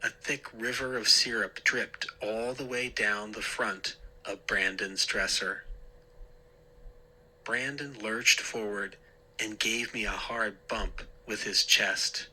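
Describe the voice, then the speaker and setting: Husky, slow male storyteller. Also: lowish voice, steady tone, pushed and bright, poor audio. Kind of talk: scripted scary-story narration.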